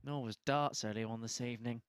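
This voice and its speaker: A man's voice: medium pitch, fairly even intonation, a little fast, noisy background. A young man co-commentating live darts from the commentary box, giving figures and dry, understated quips. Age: young adult.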